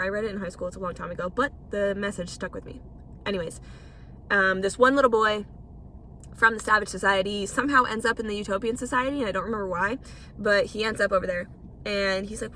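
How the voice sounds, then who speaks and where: A woman's voice: medium pitch, fast talker, fairly bright tone, slight background noise. A young woman hosting a casual solo podcast, rambling and swearing freely as she talks. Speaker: podcast host.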